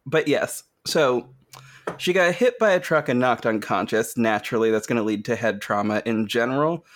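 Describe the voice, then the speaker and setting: A man's voice: medium pitch, moderate pace, a little hiss or hum. A man hosting a podcast in casual chat, laughing often and swearing freely as he tells the story. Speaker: podcast host.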